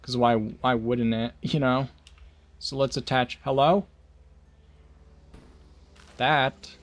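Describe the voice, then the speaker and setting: A man's voice: medium pitch, steady tone, slow. A man casually chatting to his viewers while playing a game on a livestream, rambling with jokey asides. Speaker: streamer. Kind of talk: casual gaming livestream chat.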